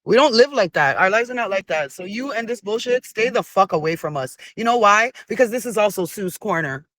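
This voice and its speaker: Reaction commentator, forties, mid-pitched, blunt and profane, scolding; dry close recording. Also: expressive, a bit bright, no echo. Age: 40s. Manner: rapid-fire rhetorical questions. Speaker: commentator reacting to a reality show.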